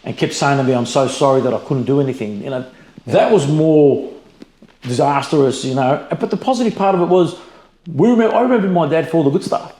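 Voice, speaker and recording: A man's voice: fairly high pitch, brisk, roomy sound. A middle-aged Australian man, a business founder, telling stories bluntly in a casual interview, swearing freely and saying "mate" a lot. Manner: blunt, animated, swears freely, peppers with "mate" and "you know".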